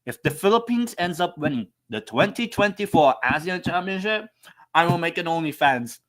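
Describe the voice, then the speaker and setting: A man's voice: high-pitched, animated, moderate pace, fairly bright tone. A man hosting a live football watchalong stream, chatting casually in a rambling, profane, self-mocking way.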